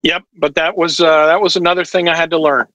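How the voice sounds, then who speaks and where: A man's voice: fairly high pitch, level tone, quick pace, a bit bright, no room sound, highs cut off. A man talking as a podcast guest over a video call, explaining at length with lots of fillers. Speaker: watch distributor guest. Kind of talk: casual podcast chat.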